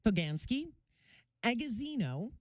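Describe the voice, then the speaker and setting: A woman's voice: a little high, sing-song, measured pace, no room sound. A woman co-hosting a sports radio show, making playful puns and reading traffic and weather in a studio. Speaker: radio co-host and traffic reporter. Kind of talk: casual chat and scripted traffic read. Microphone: studio microphone.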